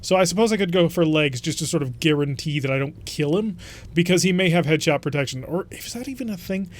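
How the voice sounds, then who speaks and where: A man's voice: on the high side, fast. A man hosting a let's play, chatting casually and thinking aloud as he plays a strategy game. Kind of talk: casual gameplay commentary.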